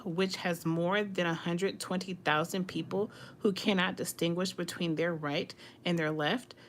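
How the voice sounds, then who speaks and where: A woman's voice: lowish voice, a bit bright. Chatty woman leading a Bible study. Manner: reads scripture aloud, then explains it in chatty asides. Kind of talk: casual Bible study reading and commentary.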